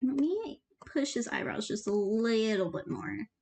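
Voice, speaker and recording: Bubbly high-voiced young woman streaming. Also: expressive, measured pace, a little mellow, a little hiss or hum. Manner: bubbly and giggly, slangy, reads chat aloud. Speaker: animator streaming while drawing. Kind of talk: casual live-stream chat.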